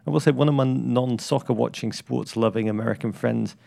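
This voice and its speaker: A man co-hosting a casual sports chat, with a wry, deadpan delivery. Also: mid-range voice, fairly quick, vocal fry, dry recording. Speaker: podcast co-host.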